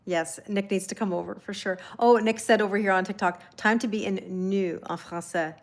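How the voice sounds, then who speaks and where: A woman's voice: medium pitch, steady tone, fairly quick. A woman hosting a casual live tarot reading, chatting and laughing with viewers and reading their comments aloud in a reassuring tone. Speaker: tarot reader hosting a livestream.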